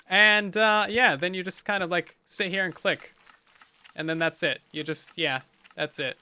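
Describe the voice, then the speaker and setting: A man's voice: sits high, sharp tone, dry recording. A man hosting a game let's play, talking in upbeat, chatty commentary with dry sarcastic jokes. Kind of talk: casual gameplay commentary.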